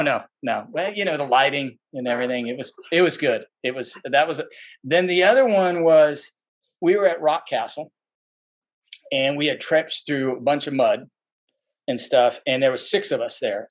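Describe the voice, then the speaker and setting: A man who is a podcast guest, telling stories in a rambling, casual way with many fillers and restarts, and livening up when he quotes people. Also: on the high side. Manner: animated when quoting people.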